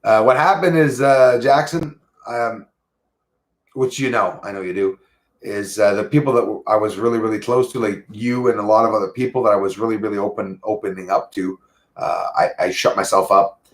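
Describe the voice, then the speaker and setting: A man hosting a casual livestream, talking to viewers in a halting, earnest way with many fillers and restarts. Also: fairly low pitch. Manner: earnest, thankful tone. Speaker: livestream host.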